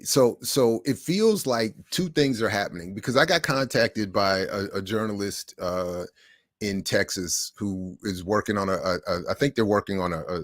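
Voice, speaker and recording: A middle-aged man hosting a livestream, telling stories in a casual monologue with animated swings between hushed and loud. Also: sits low, no room sound, clean studio sound. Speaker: livestream host.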